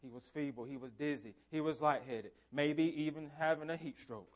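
A pastor preaching a sermon in a church, driving points home with emphatic repeated phrases. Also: male voice, fairly high pitch, brisk, muffled recording. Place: church sanctuary.

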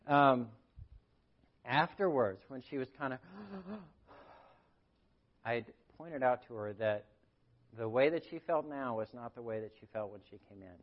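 A man's voice: medium pitch, unhurried, highs cut off. A man, a grief counselor, giving an earnest sermon and telling stories with quoted voices. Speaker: grief counselor speaking at church.

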